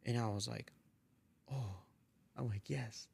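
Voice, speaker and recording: A young man, a podcast guest, casually telling a story with lively quoted voices and frequent swearing. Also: medium pitch, normal speed. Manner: animated retelling, acts out quoted voices, swears freely. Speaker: podcast guest, artist and photographer.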